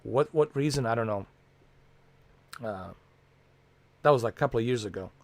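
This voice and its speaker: A man's voice: medium pitch, normal speed, dry recording. A man hosting a casual livestream from home, rambling and swearing with lots of fillers. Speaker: livestream host.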